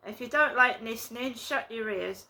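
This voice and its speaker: A woman talking casually to her viewers in a rambling, indignant way, recording a vlog in her flat. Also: fairly high pitch, normal speed. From England. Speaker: vlogger. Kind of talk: casual vlog talk to camera.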